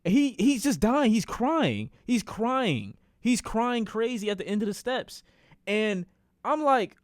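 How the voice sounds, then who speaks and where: A young man with a somewhat high voice tells a storytime on his stream, cursing and circling back over his own lines. The sound is dry and close, with no room around it. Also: normal speed, dry recording. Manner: animated, profane, repeats phrases for emphasis. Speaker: streamer telling a personal story. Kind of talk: casual storytelling.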